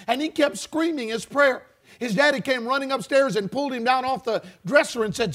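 A man's voice: very high voice, a little fast, a bit bright. A male preacher giving a revival sermon, with rhythmic, emphatic phrasing and call-and-response lines to the congregation.

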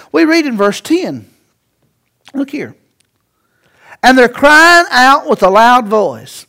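A pastor preaching a sermon, swinging between loud emphasis and hushed asides and asking the congregation rhetorical questions. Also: male voice, a little high.

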